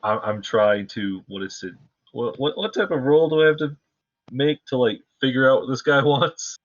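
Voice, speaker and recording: A man playing a tabletop game who talks hesitantly and thinks out loud. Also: medium pitch, normal speed, no echo, dull audio. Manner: hesitant, musing, thinks aloud. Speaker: player.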